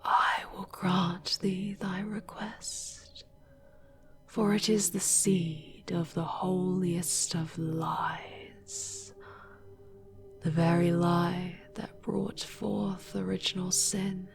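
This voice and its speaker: A woman voicing a sinister ancient entity in a whispered role-play, breathy, airy and slowly drawn out. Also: on the low side, level tone, full character voice. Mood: menacing. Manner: slow, drawn-out and menacing. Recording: music playing behind. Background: music.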